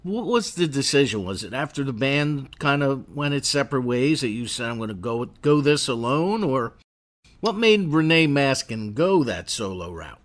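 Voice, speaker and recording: A man's voice: medium pitch, sing-song, normal speed, a bit bright. A man hosting a radio interview, asking rambling, conversational questions. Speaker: radio host.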